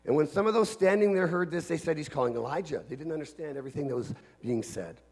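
A man preaching a sermon in an earnest manner, dropping to a hush and then building to shouts. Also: on the high side, fast, gravelly, husky, soft background music.

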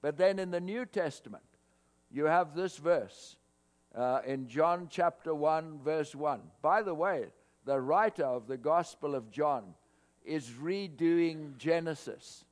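A man preaching a sermon to his congregation, swelling louder on scripture quotes. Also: on the high side, slow. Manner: expressive preaching, rising loud on scripture quotes. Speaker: pastor. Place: church hall, cold morning. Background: mains hum.

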